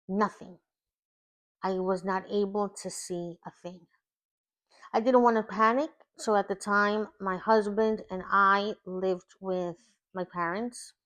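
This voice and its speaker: A woman's voice: medium pitch, fairly bright tone. A woman life coach telling her personal testimony in an earnest, emotional way, often repeating words for emphasis. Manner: earnest, emotional storytelling with repetition.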